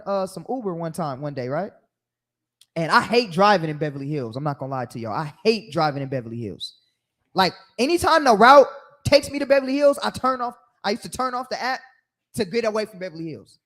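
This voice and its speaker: A man giving an animated, sermon-style Bible teaching, telling stories and acting out the voices of others. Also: sits high.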